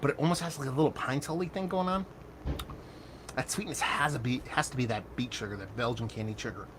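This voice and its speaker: An excitable man chatting his way through a beer tasting in an easy, animated way. He mocks himself and curses freely, with a mid-pitched voice. Clear background noise runs under his talk. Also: quick pace. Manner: animated, excitable, self-mocking with loose cursing. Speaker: beer reviewer. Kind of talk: casual beer tasting review.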